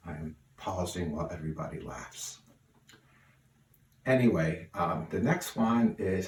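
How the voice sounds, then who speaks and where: Brief: older man, deep low voice, folksy rambling remembrance, distant mic in an echoey room. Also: sing-song, a little mellow. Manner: unhurried, folksy, many fillers. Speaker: relative sharing memories. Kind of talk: spoken remembrance. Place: room at home. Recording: roomy, distant mic, faint hiss.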